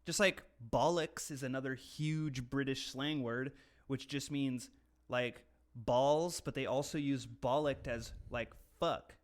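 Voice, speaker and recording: A man's voice: mid-range voice, steady tone, takes it slowly. A young American man co-hosting a podcast, joking crudely and reading slang aloud in casual chat. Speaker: podcast co-host.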